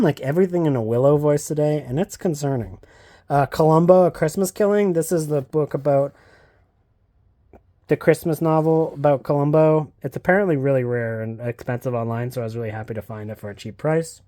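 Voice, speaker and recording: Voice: mid-range voice, fairly quick, dark tone, no room sound, clean studio sound. A book vlogger giving a casual, rambling bookshelf tour at home, joking, swearing casually and slipping into silly voices. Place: home, walking between rooms.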